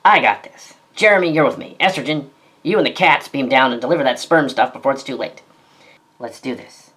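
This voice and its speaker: Woman with a deep voice, reads every part of a fan drama, sarcastic and melodramatic. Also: a bit bright. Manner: quick-switching, sarcastic, melodramatic. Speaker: narrator and voice actor. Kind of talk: fan audio drama, reading many parts.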